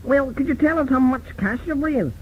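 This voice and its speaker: A man hosts a spoof chat show, introducing guests with showman polish. His voice sits high. The sound is thin and boxy, with faint hiss. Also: normal speed. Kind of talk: comic spoof talk show. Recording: phone-like lo-fi tape.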